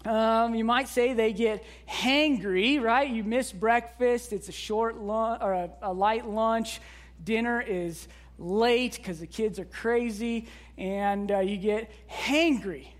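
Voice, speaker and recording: A woman's voice: on the high side, takes it slowly. A woman pastor giving a sermon in a conversational way, with frequent rhetorical asides to the congregation.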